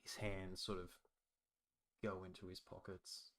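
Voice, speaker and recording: A man's voice: low-pitched, flat delivery, a little slow, a bit bright. A man narrating a tabletop game as game master, talking loosely with many fillers. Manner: hesitant, loose, lots of fillers.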